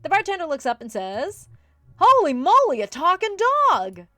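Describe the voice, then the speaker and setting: A woman voicing an eager, cheerful male ghost dog who loves jokes, talking high, loud and excitable. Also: normal speed, no echo, soft background music, exaggerated voice. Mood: joking.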